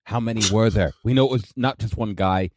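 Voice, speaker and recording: A man's voice: fairly low pitch, a little hiss or hum, voice pushed down, natural voice. A man doing an eager conspiracy-loving Moses. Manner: eager, apologetic, rapid questioning. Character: excitable male Moses, conspiracy buff. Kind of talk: improv comedy podcast.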